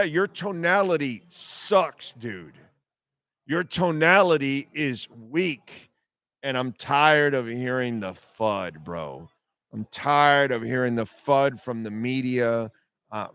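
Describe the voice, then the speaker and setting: Man, sports radio host, sarcastic profane rant, unhurried delivery, smooth resonant voice. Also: mid-range voice, a bit bright, no echo, studio quality. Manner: blunt, sarcastic, profane ranting.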